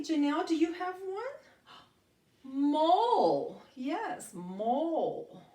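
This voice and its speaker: A woman leads a phonics lesson for young children, stretching words out in a slow, sing-song way. Her pitch swings widely as she encourages. She sounds a little distant from the mic, in an echoey room. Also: darkish tone. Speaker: teacher.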